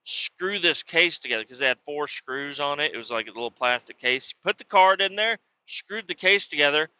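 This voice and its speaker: A man's voice: on the high side, lively intonation, fairly quick, sharp tone, smooth, no echo, low-quality recording. A man hosting a podcast, telling a rambling, crude comic story full of swearing. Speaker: podcast host. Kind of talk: profane comedic storytelling.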